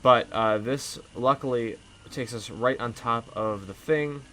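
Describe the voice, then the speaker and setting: A man's voice: medium pitch, a little slow, a bit bright, a little hiss or hum. A man giving casual, rambling gameplay commentary with lots of fillers. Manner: rambling, chatty, many fillers. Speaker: let's play host.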